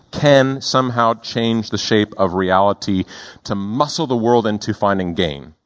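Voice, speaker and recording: A male pastor preaching a sermon in a deliberate, emphatic way, slowing down on key words. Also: mid-range voice.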